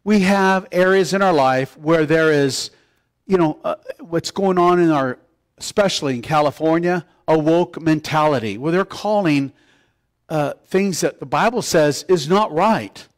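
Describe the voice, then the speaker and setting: A man preaching a conversational sermon to his church, swinging between loud emphatic lines and soft low asides. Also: unhurried. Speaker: pastor.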